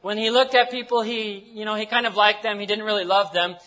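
A man's voice: sits high, fairly even intonation, a little fast, pushed and bright, highs cut off. A man from the United States preaching a sermon in a folksy, joking way, with simple words and repeated phrases. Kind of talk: sermon with jokes and Bible reading.

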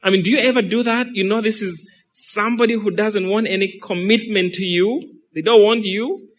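A man with a somewhat high voice preaching with great feeling. He rises into loud, pressing rhetorical questions, then drops to quiet, drawn-out phrases, and slips into voices for the people he quotes. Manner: animated, swinging between loud rhetorical questions and hushed, slowed lines; acts out quotes and imagined dialogue in the middle of preaching. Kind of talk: sermon.

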